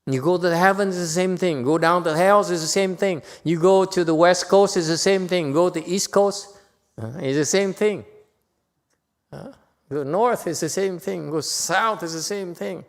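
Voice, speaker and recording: A man giving a Buddhist dharma lecture in a temple hall, playful and teasing, jumping from loud emphatic lines to quiet asides. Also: high-pitched, moderate pace. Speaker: Buddhist teacher.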